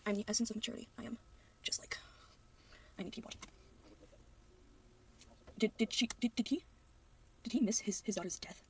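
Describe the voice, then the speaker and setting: A woman's voice: on the high side, fairly even intonation, fairly quick, pauses often, recorded from a distance, slight background noise. A young woman reacting to a video in casual commentary, ranting sarcastically and slipping into mocking voices. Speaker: reaction youtuber.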